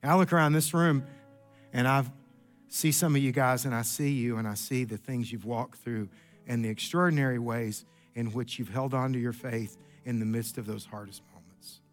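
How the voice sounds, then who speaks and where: A middle-aged man preaching a sermon in a church, an animated storyteller who jumps his pitch up for quoted lines. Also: moderate pace, faint music behind. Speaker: pastor. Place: church sanctuary.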